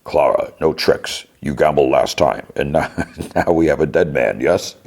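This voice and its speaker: A man voicing a grim middle-aged male hijacker who gives measured, firm orders. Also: rumbling low, creaky, a little mellow, heavily acted. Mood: stern. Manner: measured threats, clipped and firm.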